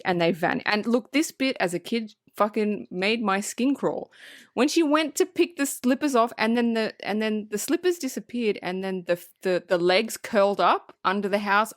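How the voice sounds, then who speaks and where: A woman chatting casually on a podcast, animated and foul-mouthed, laughing often. Her voice sits at an ordinary pitch, and the sound is close and dry with no room around it. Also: dry recording. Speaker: podcast co-host. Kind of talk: casual movie-review chat.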